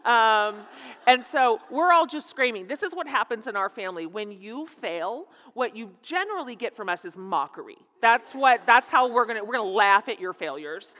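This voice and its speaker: A middle-aged woman speaking as a guest speaker in a church, telling a humorous story in an animated, laughing, self-mocking way. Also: fairly high pitch, moderate pace. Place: church sanctuary. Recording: echoey hall.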